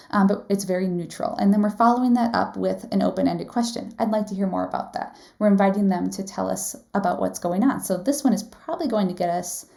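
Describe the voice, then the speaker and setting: A woman's voice: mid-range voice, gravelly, mellow. A woman leading a live online class as a nursing exam instructor, talking conversationally, often asking the audience questions and saying "right?". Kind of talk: live webinar teaching.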